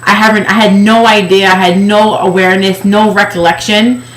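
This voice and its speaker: In an echoey room, a woman with a medium-pitched, level voice speaks at a moderate pace. A participant in a weight-loss project, she recounts her past with candor and emotion, voicing the people she quotes.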